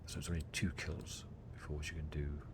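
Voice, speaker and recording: Male gamer, very low voice, laid-back mumbled commentary, noisy recording. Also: brisk. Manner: relaxed, muttered, reads game text aloud. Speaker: gamer playing a video game. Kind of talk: casual let's-play commentary. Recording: loud background noise.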